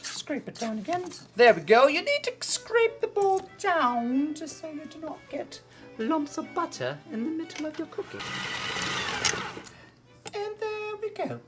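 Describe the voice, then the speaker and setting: A woman's voice: high voice, very animated, unhurried, pitched above the performer's own voice. A woman voicing a fussy, perky British woman TV cook in a put-on British accent, with twee, silly asides. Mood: chirpy. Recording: background music.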